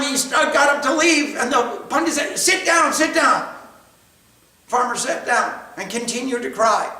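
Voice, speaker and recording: High-voiced man teaching, echoey room. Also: bright, forceful tone. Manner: storytelling, emphatic, repetitive. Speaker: spiritual teacher. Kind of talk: spiritual class lecture with questions. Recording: echoey room, far from mic.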